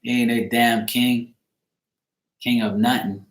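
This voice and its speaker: A man's voice: mid-range voice, flat delivery, slow pace. Joking, rambling man in echoey room. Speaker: card reader and channel host. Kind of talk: casual livestream chat.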